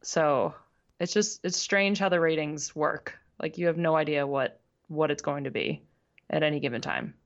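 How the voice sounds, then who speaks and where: A woman's voice: low voice, normal speed, lo-fi sound. A woman co-hosting a radio show, chatting casually and laughing often, sometimes stumbling over names. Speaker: podcast co-host. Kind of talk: casual sports chat.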